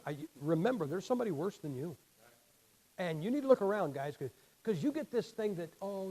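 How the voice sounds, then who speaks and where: A man's voice: on the high side, a little mellow, poor audio. A man in his sixties preaching a sermon in a blunt, folksy, emphatic way, his damaged vocal cords leaving him short of air at the ends of sentences.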